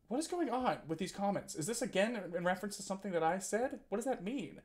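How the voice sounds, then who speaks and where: A man's voice: high voice, sing-song, fast, hardly any pauses. Guy in his 20s streaming, rambly and teasey, laughs a lot, says like constantly. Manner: rambling and teasing, giggly, lots of filler words. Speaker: streamer reading chat. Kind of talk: casual live-stream chat.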